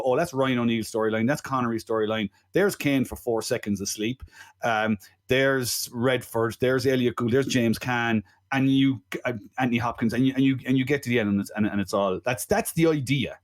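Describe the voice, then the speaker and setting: A man's voice: medium pitch, fairly quick. Chatty male podcast co-host explaining. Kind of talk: casual film chat.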